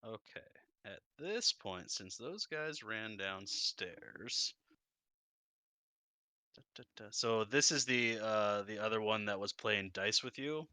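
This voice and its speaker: A man narrating a tabletop game as game master, animated and often laughing. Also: fairly low pitch, slow, no echo.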